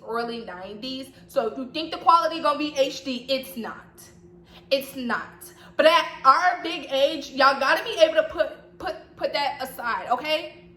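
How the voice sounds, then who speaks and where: A young woman from Atlanta with a slight Southern accent talks casually to her camera, repeating herself and tossing in teasing asides. Her voice is bright and a little high. The room rings with echo under a faint hiss. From Atlanta, Georgia. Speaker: vlogger. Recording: echoey room with faint noise.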